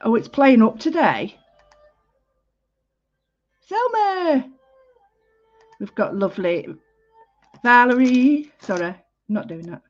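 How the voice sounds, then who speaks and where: A woman's voice: medium pitch, lo-fi sound. A woman, hosting a casual livestream art lesson, chatty and full of greetings, often interrupting herself. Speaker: art class host.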